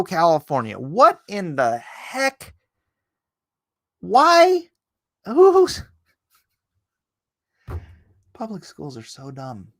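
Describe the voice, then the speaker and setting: A middle-aged man hosting a livestream, talking in a rambling, sarcastic opinion monologue that jumps up in pitch when he gets indignant. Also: a bit bright, dry recording, clean studio sound. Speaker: livestream host.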